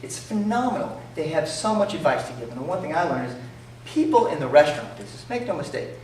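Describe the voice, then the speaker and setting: A man's voice: a little high, fast talker. A man from New York with a New York accent, telling jokey stories to an audience as an entrepreneur and acting out the dialogue. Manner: animated, jokey, acts out dialogue. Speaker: entrepreneur speaker. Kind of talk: storytelling talk to an audience. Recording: echoey room from far off, faint noise.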